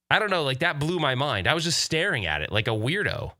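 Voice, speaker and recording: A man's voice: a little high, very animated, fast talker, pushed and bright, no room sound, clean studio sound. A man in his forties hosting a podcast, rambling casually through listener questions and laughing often. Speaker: podcast host. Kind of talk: casual chat reading live chat questions.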